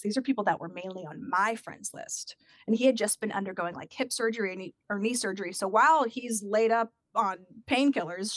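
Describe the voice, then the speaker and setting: Animated woman telling a story, dry sound. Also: mid-range voice, no echo. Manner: animated, acts out quoted voices. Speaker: guest telling a personal story. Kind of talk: casual storytelling chat.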